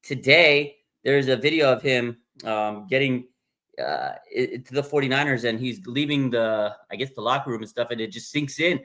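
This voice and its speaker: A man hosting a casual sports livestream, rambling excitedly and reading viewer comments aloud. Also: medium pitch, moderate pace. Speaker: sports podcast host.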